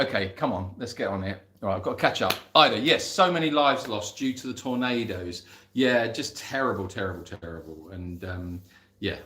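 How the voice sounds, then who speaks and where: Brief: English man, mid-pitched, rambling live-chat host, roomy echo. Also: fairly bright tone. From England. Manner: chatty, rambling, laughs at himself. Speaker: animal sanctuary host reading live chat.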